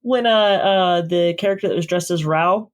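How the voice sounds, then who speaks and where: A woman co-hosting a casual podcast, speaking haltingly and giggling often. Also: lowish voice. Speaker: podcast co-host.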